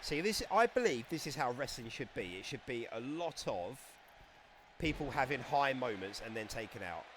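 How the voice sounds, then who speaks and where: A man giving casual, excitable live-stream commentary on a wrestling game, chatting and laughing as he goes. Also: mid-range voice, moderate pace, slight background noise.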